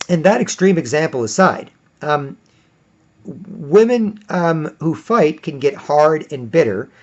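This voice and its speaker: Rambling man on a lo-fi recording. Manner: acts out others in high mocking voices. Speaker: commentator. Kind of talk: rambling monologue. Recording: dull lo-fi recording.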